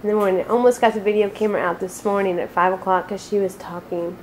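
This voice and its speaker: A woman's voice: medium pitch, fairly even intonation, fast, slight background noise. A mother at home talking to her newborn in sing-song, coaxing baby talk, recorded on a camcorder. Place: at home, indoors. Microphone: built-in camcorder mic.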